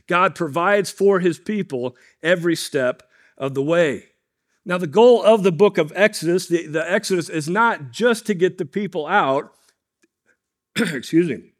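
A male pastor preaching a sermon to his congregation in a conversational, storytelling manner. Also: high-pitched.

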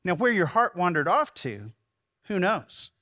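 Earnest high-voiced pastor in his sixties. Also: sing-song. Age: 60s. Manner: earnest, rises to fervent pleading then drops to slow soft prayer. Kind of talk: sermon leading a congregational prayer.

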